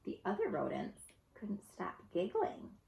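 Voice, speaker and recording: A woman's voice: medium pitch, measured pace, vocal fry. A woman expressively reading a children's picture book aloud, recorded in an echoey room. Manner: expressive, lively storybook reading. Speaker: storyteller.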